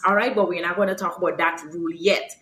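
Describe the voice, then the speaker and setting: A woman from Guyana with a Guyanese accent, teaching her Creolese accent in a casual lesson, explaining slowly and jumping into high, lively example phrases. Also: roomy sound. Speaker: language teacher.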